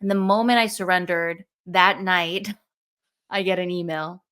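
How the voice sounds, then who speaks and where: Animated young woman telling a story. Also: on the low side, a little slow, clear, resonant tone. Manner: animated, acts out quoted thoughts. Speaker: podcast guest. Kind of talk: storytelling in casual conversation.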